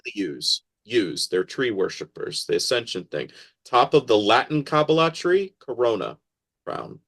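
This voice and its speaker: A man talking as a podcast guest in a casual interview, animated and acting out quoted voices as he explains. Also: mid-range voice, a little slow, gravelly, husky.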